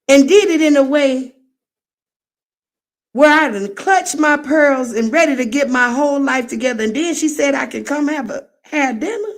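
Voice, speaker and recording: A middle-aged woman hosting a livestream, chatting casually with viewers in an animated, playful way and often laughing at herself. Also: high voice, moderate pace. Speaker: livestream host. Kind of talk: casual chat reacting to viewer comments.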